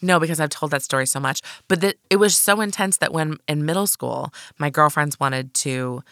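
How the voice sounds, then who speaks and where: A woman co-hosting a podcast who sums up a book and tells self-mocking stories from her life. Her voice has a gravelly fry and a bright edge. She is recorded close and dry. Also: low voice, normal speed, dry recording. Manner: animated storyteller, frank and self-mocking. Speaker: podcast co-host. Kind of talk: casual chat summarizing a book.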